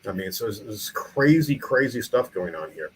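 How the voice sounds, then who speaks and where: A middle-aged New Yorker, a museum founder and small-town mayor, rambles through a podcast interview with frequent restarts and fillers. His lowish, slightly rough voice has lively intonation at a moderate pace, on a rough recording.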